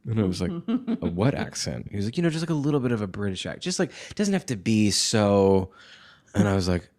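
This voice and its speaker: Male guest, 30s, low voice, expressive and quick to laugh, casual interview. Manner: animated storytelling, acts out quotes, laughs often. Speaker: guest actor.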